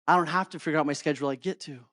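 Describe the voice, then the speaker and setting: A man's voice: fairly high pitch, racing, fairly bright tone, dry recording, studio quality. A middle-aged man giving a motivational talk to a live audience as a life coach. He keeps checking in with his listeners and often stumbles over and repeats his words.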